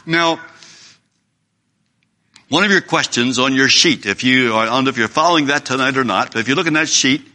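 A man's voice: medium pitch, normal speed, long pauses, sharp tone. A man preaching a sermon in an earnest, emphatic way, reading scripture aloud.

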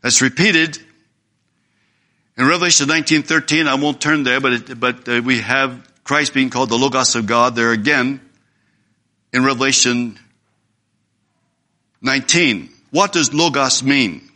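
A man's voice: medium pitch, a little slow, long pauses, sharp tone. A man preaching a sermon in an earnest, emphatic way, reading scripture aloud.

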